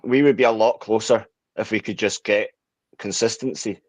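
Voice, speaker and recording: A man's voice: fairly low pitch, fairly even intonation, moderate pace, husky, no room sound. A man co-hosting a podcast, arguing his point with frustration. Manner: frustrated, argumentative. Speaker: podcast co-host. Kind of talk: casual chat.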